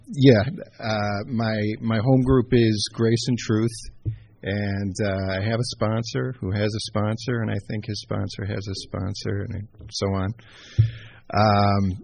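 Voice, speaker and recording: Nervous guy at a recovery meeting, gravelly husky voice, jokes at himself. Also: fairly low pitch, fairly even intonation, slow, a little mellow, dry recording. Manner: nervous, self-deprecating. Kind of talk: personal testimony.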